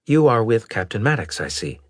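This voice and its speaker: A man voicing a polite male alien AI that speaks in a formal, measured, robotic way. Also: fairly low pitch, sing-song, no room sound, clean studio sound, voice pushed up.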